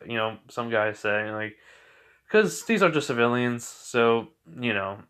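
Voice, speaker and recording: A man's voice: animated, fairly bright tone, smooth. Man narrating fan fiction off the cuff, loose and sleepy, fillers everywhere. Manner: rambling, full of fillers and restarts, quick pitch jumps for dialogue. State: drowsy, just woke from a nap. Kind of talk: casual improvised fan story narration.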